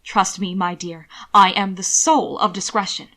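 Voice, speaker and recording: A woman voicing a chatty noblewoman and mother who coaxes and gossips eagerly in a lively way. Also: medium pitch, a little slow. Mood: coaxing, gossipy.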